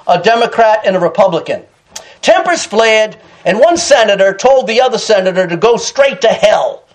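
High-pitched preacher guy, fired-up sermon, laughs and hollers. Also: low-quality recording. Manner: impassioned preaching, shouts and laughs between phrases. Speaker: pastor.

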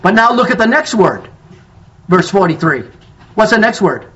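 A man's voice: sits high, big pitch swings, moderate pace, a bit bright. A man preaching a sermon as pastor, quoting scripture with strong emphasis and calling out to his congregation for responses. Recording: dull lo-fi sound.

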